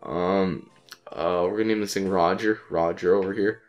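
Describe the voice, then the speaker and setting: A man with a sick voice giving casual let's-play commentary, frustrated and swearing, repeating phrases in quick bursts. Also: deep voice, steady tone, highs cut off. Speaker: gaming channel host.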